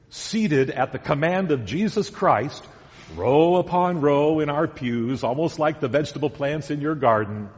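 A man preaching a sermon as pastor, deliberate and emphatic, repeating key words. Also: mid-range voice. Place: church sanctuary. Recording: dull sound with long church reverb.

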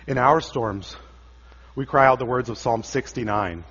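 A man preaching a sermon, dramatic, rising loud for quoted cries and dropping low and quiet for solemn lines. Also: a little slow, husky. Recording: dull sound with long church reverb.

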